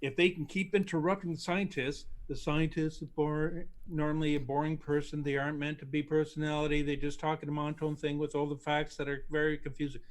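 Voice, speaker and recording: A man's voice: on the high side, little pitch movement, fairly quick, hardly any pauses. A man co-hosting a casual livestream chat, opinionated, telling stories and mimicking other people's voices. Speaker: co-host.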